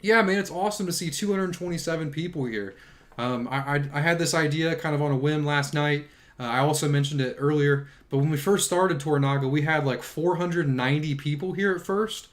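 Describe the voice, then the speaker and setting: A man's voice: on the high side, brisk. A man hosting a livestream, casually chatting and reading out viewer comments, sounding a bit tired. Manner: chatty, filler-heavy, reads viewer comments aloud. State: tired from long stream. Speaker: livestream host reading chat.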